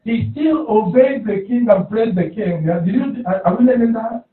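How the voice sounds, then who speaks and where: This pastor's voice is high-pitched, and he preaches at a normal speed, repeating his phrases and drawing responses from the congregation. The church hall recording is echoey, distant, and phone-like.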